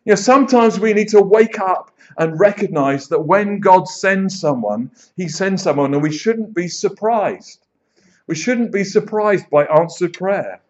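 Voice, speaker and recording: A man preaching a sermon in church, telling stories with lively acted-out quotes. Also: sits high. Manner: animated storyteller, acts out quoted voices. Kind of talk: sermon with storytelling. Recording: dull lo-fi sound.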